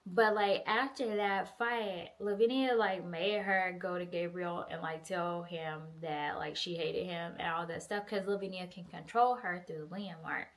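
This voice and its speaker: A young woman recapping a novel in a casual, profane, animated way, acting out the characters' lines. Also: lowish voice, a little slow, few pauses. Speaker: book reviewer. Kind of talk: casual book review recap.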